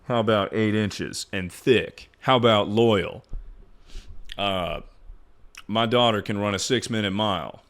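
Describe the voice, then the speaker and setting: A man's voice: fairly low pitch, a little slow, a bit bright. A man in his twenties streaming, ranting casually and profanely as he ranks things. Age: 20s. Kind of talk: casual livestream commentary.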